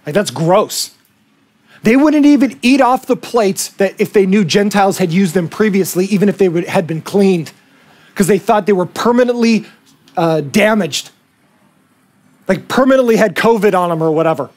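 A male pastor preaching a sermon, animated and acting out the voices he quotes. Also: sits high, normal speed.

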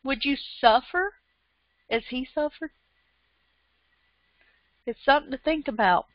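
A high-voiced woman preaching a sermon, unhurried and fervent, her emotion building into repeated praises. The sound is dry and close, and the recording is dull and lo-fi. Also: dry recording.

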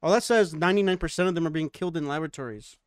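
A man's voice: a little high, racing, smooth, dry recording, clean studio sound. Laughing, joking man on a podcast. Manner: laughs often, crude joking. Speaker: podcast host. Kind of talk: casual chat.

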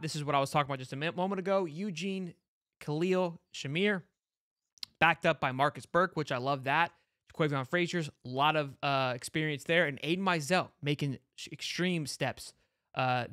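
Podcast host, male, fairly high voice, brash hype-man delivery full of restarts, dry close mic. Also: a bit bright, no echo. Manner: brash hype talk, swears, lots of "like" and restarts. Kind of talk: fired-up fan commentary, casual chat.

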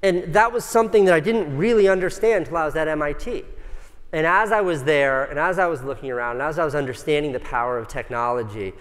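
A man's voice: a little high, fast. A man telling his story casually to a conference audience, profane and self-mocking, chatting with the crowd. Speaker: conference speaker. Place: large conference hall stage. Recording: long reverb from a large hall.

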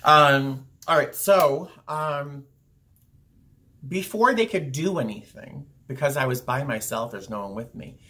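A man's voice: mid-range voice, measured pace, sharp tone. A young man telling a personal story to his camera in a rambling, casual way, full of fillers and restarts. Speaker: vlogger. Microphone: camera viewfinder, talking to camera.

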